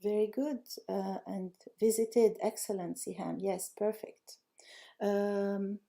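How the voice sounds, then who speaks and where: A woman's voice: medium pitch, fairly even intonation, takes it slowly, gravelly, dark tone. A woman teaching a live online language lesson, praising students often and reading out and correcting their answers.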